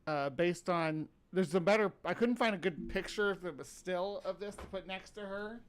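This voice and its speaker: A man's voice: high-pitched, smooth. A man hosting a podcast in casual chat, rambling with fillers and restarts and sounding tired. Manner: rambling, halting, filler-heavy. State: tired, yawning. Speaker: podcast host.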